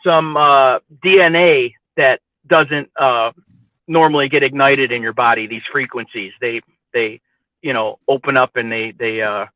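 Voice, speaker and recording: A man's voice: mid-range voice, fairly even intonation, unhurried, dry recording. A man hosting a casual stream chat, easygoing and rambling, laughing often. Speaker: host. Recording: dry, phone-like audio.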